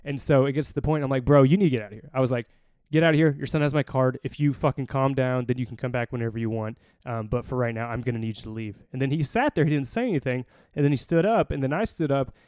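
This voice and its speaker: Fast-talking profane male storyteller. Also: mid-range voice, clean tone, dry recording. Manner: profane, animated storytelling with voiced quotes. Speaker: podcast host; Navy recruiter. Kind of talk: casual storytelling.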